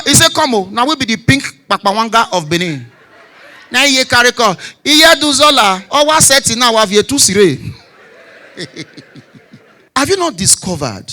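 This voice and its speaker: A man in his forties with a Nigerian Pidgin English accent, telling stand-up comedy stories, shouting punchlines and dropping low for asides. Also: big pitch swings, moderate pace, pauses often. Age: 40s.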